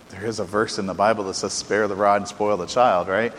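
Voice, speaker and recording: A man preaching a sermon, getting loud for emphasis and dropping quiet for asides. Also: fairly low pitch, in a large hall, a little hiss or hum, rough recording. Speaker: pastor.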